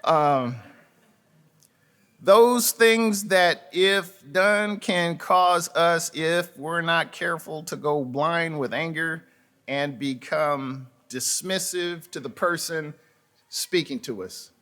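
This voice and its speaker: Male pastor, unhurried sermon delivery, bright voice, halting, folksy storytelling. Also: a little high. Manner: folksy storytelling with asides to the congregation; halting, repeats words and restarts. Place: church sanctuary.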